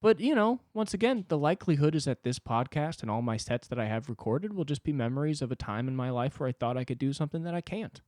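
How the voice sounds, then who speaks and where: A man in his twenties hosting a solo comedy podcast, talking self-deprecatingly and swinging between loud outbursts and low muttering. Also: quick pace, few pauses, no room sound, studio quality. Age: 20s. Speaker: podcast host.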